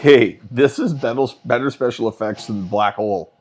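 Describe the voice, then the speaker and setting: A man's voice: mid-range voice, moderate pace, very noisy. A man hosting a casual film reaction, sardonic and wisecracking.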